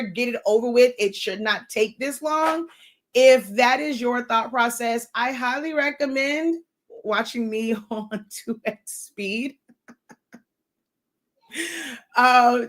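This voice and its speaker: A middle-aged woman hosting a casual livestream, fast-talking and long-winded, working to slow herself down. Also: fairly high pitch, a bit bright. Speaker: livestream host and creative instructor. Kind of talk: casual live-stream talk.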